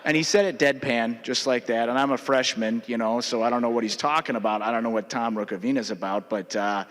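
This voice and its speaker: A man's voice: medium pitch, brisk, fairly bright tone. A man with a Minnesotan accent telling a rambling personal story in a memorial speech, with many filler uhs. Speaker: state legislator giving a memorial speech. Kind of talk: personal anecdote in a floor speech. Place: legislative chamber. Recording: echoey chamber with long reverb.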